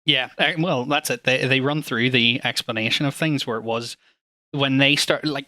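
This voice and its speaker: A man's voice: mid-range voice, fairly even intonation, moderate pace, sharp tone, no echo. A man co-hosting a casual gaming podcast. He talks fluently and with enthusiasm, swearing often. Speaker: podcast co-host.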